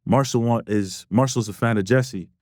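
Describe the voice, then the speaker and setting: A man putting on an English accent to mimic a male music executive in a breezy, high-pitched way. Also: normal speed, darkish tone, dry recording, studio quality, close to an everyday voice. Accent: put-on English.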